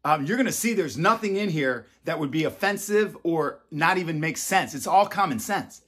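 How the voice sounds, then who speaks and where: A man in his fifties speaks straight to his viewers in a loose, chatty way. His voice is husky and sits a little high. He swings from loud, excited bursts down to near-whispers and teases his listeners as he goes. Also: normal speed. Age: 50s. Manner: animated, swinging between loud and hushed, teasing. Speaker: self-help author and host. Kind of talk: casual talk to camera.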